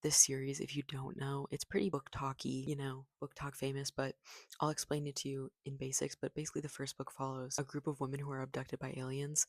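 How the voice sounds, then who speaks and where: Gushing, vocal-fry book vlogger. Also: mid-range voice, completely flat delivery, fairly quick, no echo, studio quality. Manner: gushing, rambling, heavy use of "like". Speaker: book reviewer. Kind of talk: casual book review vlog.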